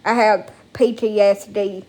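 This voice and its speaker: A woman talks into her phone at home in a loose, rambling monologue. She sounds emotional and swears freely. Her voice sits at an ordinary middle pitch. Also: fairly even intonation, measured pace, warm tone. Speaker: vlogger. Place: at home, indoors.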